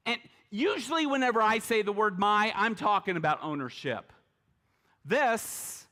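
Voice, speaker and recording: A middle-aged man delivers a sermon as a pastor, his voice sitting a little high for a man. He takes his time, speaking slowly and chatting with the congregation through rhetorical questions. He slips in light, humorous asides along the way. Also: lively intonation, sharp tone. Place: church service with congregation.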